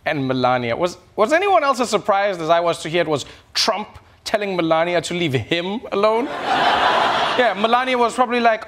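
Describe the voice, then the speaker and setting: A man hosts a late-night comedy monologue with sarcastic, lively delivery. His voice sits high for a man. A clear layer of background noise runs under the recording. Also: moderate pace.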